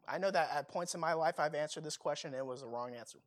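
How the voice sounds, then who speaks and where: A man's voice: a little high, quick pace. A young man preaching a sermon in a casual, conversational way, full of fillers and rhetorical questions.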